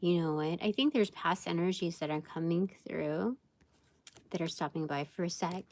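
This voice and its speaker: A woman's voice: fairly low pitch, moderate pace, darkish tone. A woman giving a casual live tarot reading, rambling and thinking aloud with many fillers. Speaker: tarot reader.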